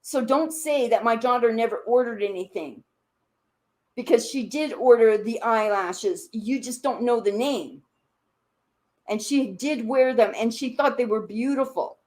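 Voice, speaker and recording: A woman with a slightly high, darkish voice rants on a live stream at an unhurried pace. She confronts someone directly with accusations, repeating her questions and demands, swearing, and her voice jumps up when she gets angry.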